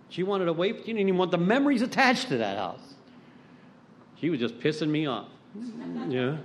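A man's voice: high-pitched, a little hiss or hum. A middle-aged man giving a personal recovery talk at a meeting. He tells stories bluntly, with some swearing, and acts out the voices of people he quotes. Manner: blunt, profane storytelling.

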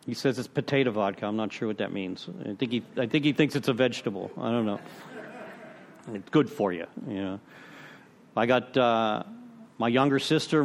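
Speaking in a medium-pitched voice, a man tells a recovery meeting about his own journey. His talk is self-deprecating and conversational, peppered with "you know" and phrases he keeps repeating.

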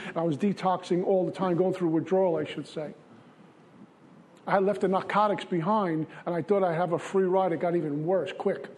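A man's voice: high voice, darkish tone, slight background noise. A man from Brooklyn, giving an earnest, confessional recovery testimony in a repetitive style. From Brooklyn, New York. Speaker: recovery speaker.

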